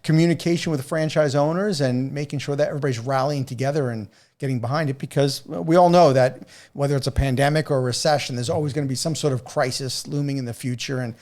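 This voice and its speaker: A man with a New York accent hosting a podcast interview, animated and laughing often. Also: medium pitch, fast talker, few pauses. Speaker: podcast host. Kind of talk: casual interview.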